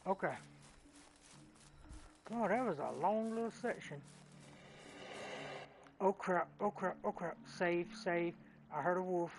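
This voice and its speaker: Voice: mid-range voice, poor audio. A gaming channel co-host giving let's play commentary, talking to themself while playing and yelping when chased.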